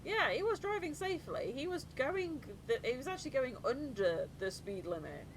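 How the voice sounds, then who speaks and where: A woman streamer with a high voice tells animated stories at a moderate pace, laughing a lot and imitating the voices of people she describes. The rough live-stream recording carries noticeable background noise.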